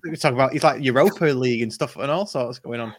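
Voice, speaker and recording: A man hosting a football fan podcast in easy, rambling chat. He often restarts his sentences and talks in a mid-pitched voice. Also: quick pace. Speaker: podcast host.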